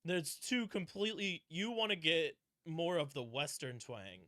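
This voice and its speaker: Brief: male podcast co-host, very bright and forceful tone, rambling, casual cursing. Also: fairly high pitch, measured pace, no echo, clean studio sound. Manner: rambling, swears casually, trails off.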